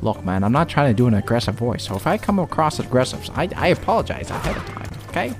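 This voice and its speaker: A man's voice: medium pitch, sing-song, fast talker, music in the background. A man streaming a video game, joking around in playful casual commentary and laughing often.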